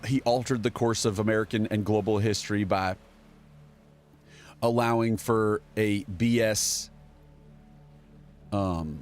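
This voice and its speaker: Sarcastic low-voiced male political streamer. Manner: sarcastic, rambling, reads headlines aloud. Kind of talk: casual political commentary.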